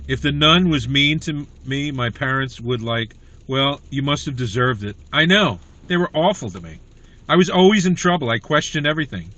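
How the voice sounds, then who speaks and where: A man's voice: a little high, lively intonation, a little fast, bright, forceful tone, highs cut off. A man hosting a comedy livestream, chatting in a rambling way to viewers about his school days. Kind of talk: casual livestream chat.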